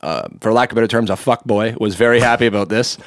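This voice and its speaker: Young male comedian from Montreal, rapid-fire, manic storyteller, foul-mouthed, dry close mic. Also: dry recording. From Montreal, Canada. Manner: high-energy, manic, swears freely, bursts into impressions. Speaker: stand-up comedian, podcast guest. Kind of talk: casual storytelling chat.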